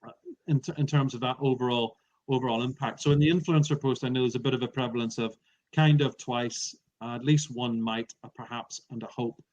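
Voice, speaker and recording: A man's voice: medium pitch, fairly even intonation, brisk, a little mellow. A man who trains speakers, giving feedback in an interview and explaining points with emphatic examples. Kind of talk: coaching interview talk. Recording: dull lo-fi sound.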